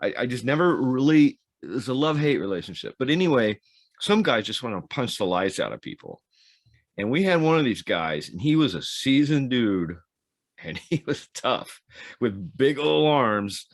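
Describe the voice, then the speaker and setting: A man's voice: mid-range voice, sing-song, normal speed, no echo, studio quality. A man co-hosting a podcast, telling rambling anecdotes with restarts and laughs. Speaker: podcast co-host, former Navy SEAL. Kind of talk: casual storytelling chat.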